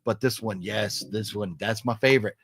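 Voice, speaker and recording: A man hosting a casual live chat, reading out chat messages as he goes, animated and rambling, with many fillers and restarts. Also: lowish voice, normal speed, breathy edge, no room sound, clean studio sound. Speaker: livestream host reading chat.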